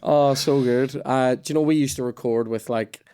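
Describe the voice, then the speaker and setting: A man's voice: medium pitch, steady tone, normal speed, mellow, clear, resonant tone. A man hosting a podcast in casual chat, a rambling storyteller who swears freely and keeps losing his thread, with a nagging cough. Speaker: podcast host.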